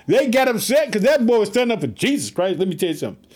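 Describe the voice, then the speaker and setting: A man reading a Bible passage aloud and preaching on it in an animated, casual way, repeating phrases and talking straight to his listeners. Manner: swings between raised, quick bursts and low, slow asides. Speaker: preacher reading and explaining scripture. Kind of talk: lively Bible reading with commentary.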